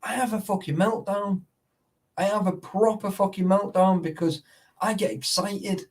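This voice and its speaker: Man, talkative and profane, voice a touch high, keeps checking you're with him. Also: steady tone, normal speed, far from the mic. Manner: sweary, rambling, keeps asking "you know what I mean". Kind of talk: casual chat.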